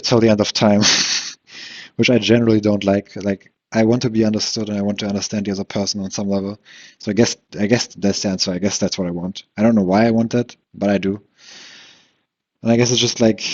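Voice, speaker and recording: A man with a lowish voice talks alone into a dull, lo-fi microphone, circling his frustrations aloud. He keeps restarting sentences and questioning himself as he goes. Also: a little mellow. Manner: frustrated, rambling, self-questioning with frequent restarts and laughs. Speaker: podcast host. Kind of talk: solo rambling monologue. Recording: dull lo-fi recording.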